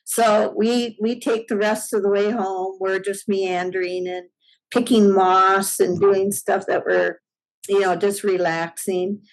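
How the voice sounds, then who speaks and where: A middle-aged woman telling a story at an unhurried pace, her voice sitting in a middle register. She acts out each line of dialogue and laughs often as she talks. The tone is casual and chatty, like a guest on a podcast. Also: mid-range voice, flat delivery, poor audio.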